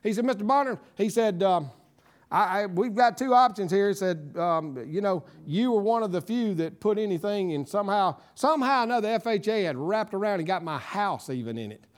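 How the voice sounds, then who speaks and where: A middle-aged preacher with a high voice for a man. He tells his testimony with deep feeling, swinging between quiet, tearful moments and loud, fervent praise. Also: lively intonation, fairly quick. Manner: emotional, tearful storytelling that rises to shouted praise. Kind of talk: sermon testimony.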